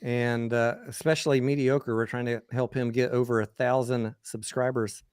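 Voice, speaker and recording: A man's voice: medium pitch, little pitch movement, normal speed, darkish tone, clear, resonant tone, no room sound, clean studio sound. A man hosting a casual live stream, upbeat and reading viewer chat aloud. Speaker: livestream host.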